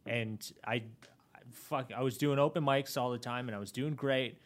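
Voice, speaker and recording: Animated man swapping comedy club stories. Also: medium pitch, normal speed. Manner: animated, profane storytelling. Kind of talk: casual podcast chat.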